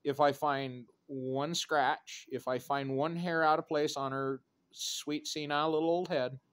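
Man, thirties, vlog rant, sardonic, profane, dark humor. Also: on the high side, fairly even intonation, a little slow, clean tone. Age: 30s. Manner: sardonic, profane, darkly joking. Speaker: vlogger.

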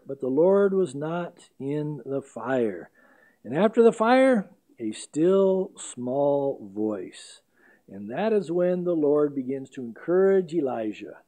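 A man preaching in a fairly high, mellow voice. He talks emphatically, drawing out the scripture verses slowly for weight. A pastor teaching verse by verse. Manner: emphatic, slows down to stress scripture readings. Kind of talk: expository sermon.

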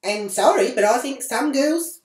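A woman's voice: high-pitched, expressive, measured pace, a little mellow, reverberant. An Australian woman ranting crudely to camera as a vlogger, swearing freely as she tells her story. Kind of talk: foul-mouthed comic rant to camera. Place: small indoor room at home.

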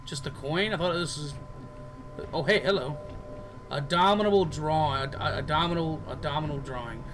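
A man's voice: a little high, a little fast, slight background noise, rough recording. A man giving casual gameplay commentary as a let's player, goofy and joking, chatting to the characters on screen. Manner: goofy, jokes and talks to game characters.

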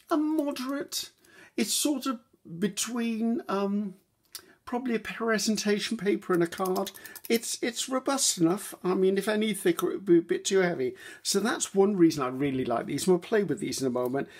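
A woman with a husky, breathy voice at a middling pitch runs a relaxed paper-craft tutorial. She chats straight to her viewers as she shows and handles her materials. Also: a little fast. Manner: chatty, addresses viewers directly while handling materials. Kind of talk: casual crafting demonstration.

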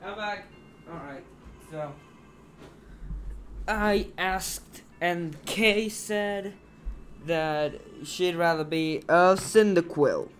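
A man doing casual let's-play commentary at a slow, unhurried pace. He jokes, swears now and then, and reads the game's text aloud, with faint game music behind. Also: sits high, fairly bright tone. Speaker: let's player.

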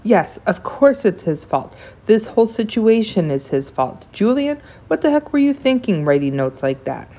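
A woman's voice: fairly low pitch, moderate pace, dark tone, natural voice. Woman playing a stern, scolding father. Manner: firm, scolding. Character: stern, firm father, middle-aged.

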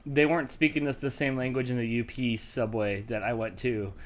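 A relaxed man chatting over a voice call while streaming a racing game with friends. His voice sits at a middling pitch, easygoing and talkative, and a faint hiss runs under it. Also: brisk. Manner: laid-back, chatty, reads out viewer comments. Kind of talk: casual gaming chat.

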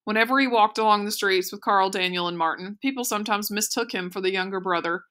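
Bright-voiced woman teacher reading aloud. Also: medium pitch, fast talker. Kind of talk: audiobook read-aloud narration.

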